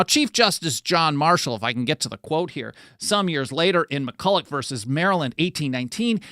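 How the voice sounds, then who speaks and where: Here a podcast host's slightly high, fairly bright voice comes through with no echo and studio quality. He hosts a talk show, chatting about history and reading quotes aloud. Fillers and self-corrections pop up often.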